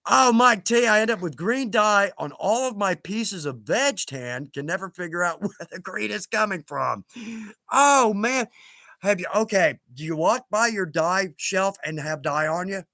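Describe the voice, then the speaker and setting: Male livestream host, high bright voice, chatty and self-deprecating, quick to laugh, dry close sound. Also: expressive, vocal fry, dry recording. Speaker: livestream host reading viewer comments. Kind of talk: casual livestream chat.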